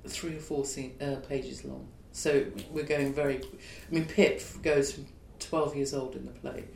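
A man's voice: level tone, unhurried, vocal fry. A man, a playwright, being interviewed, explaining his work in a reflective, discursive way. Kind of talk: conversational interview. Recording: echoey room with faint rumble.

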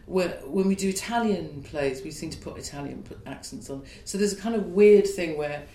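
Reflective man in an echoey room. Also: normal speed. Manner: reflective, discursive explaining. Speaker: playwright being interviewed. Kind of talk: conversational interview. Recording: echoey room with faint rumble.

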